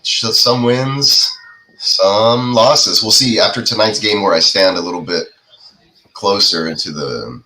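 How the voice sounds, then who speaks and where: A man hosting a live football watch-party show, his voice sitting a little low but bright and forward. He walks through the plays casually, padding his thoughts with "uh" and easygoing asides. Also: measured pace, rough recording. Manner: laid-back, filler-heavy play-by-play. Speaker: podcast host. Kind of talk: casual live game commentary.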